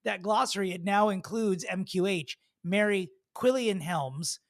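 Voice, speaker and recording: High-voiced man, animated comic storyteller. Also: a little slow, no room sound, clean studio sound. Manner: animated, rambling storytelling with swearing. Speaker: comedian and podcast co-host. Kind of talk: casual chat.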